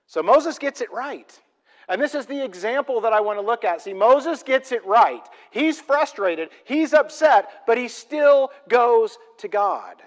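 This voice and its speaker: A man preaching a sermon, emphatic and full of rhetorical questions, swinging between loud and soft. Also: high voice, long reverb tail. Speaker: pastor.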